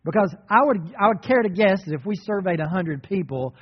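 A man's voice: high-pitched, expressive, brisk, husky, long reverb tail, highs cut off. A male pastor delivering a sermon, preaching emphatically with lots of repetition.

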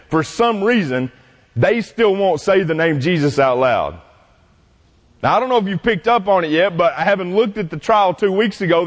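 A pastor with a slightly high voice delivers an animated sermon and acts out the voices he quotes. The sound carries the long reverb of a church sanctuary.

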